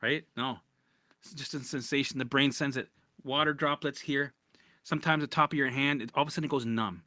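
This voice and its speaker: A man's voice: medium pitch, steady tone, a little fast, pushed and bright, no echo, clean studio sound. A man coaching viewers in a casual livestream chat, answering their comments bluntly, swearing freely and often tagging "right?" onto his points. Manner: blunt and profane, keeps checking in with "right?". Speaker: recovery coach.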